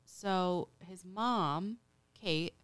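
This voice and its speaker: A woman's voice: fairly low pitch, extremely slow, fairly bright tone, smooth. A woman hosting a casual podcast, retelling a true-crime case in a chatty way with lots of "like" and acted-out quotes. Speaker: podcast host.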